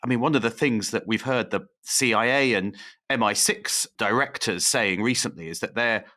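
A man co-hosting a podcast, with a bright, crisp voice sitting a little low in pitch. He speaks in a measured way and adds dry, wry asides. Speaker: podcast co-host. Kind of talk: conversational podcast chat.

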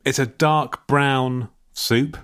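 A man's voice: mid-range voice, fairly even intonation, extremely slow, a bit bright, clean tone. A British man co-hosting a podcast in casual chat, playful and rambling with many restarts. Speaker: podcast host.

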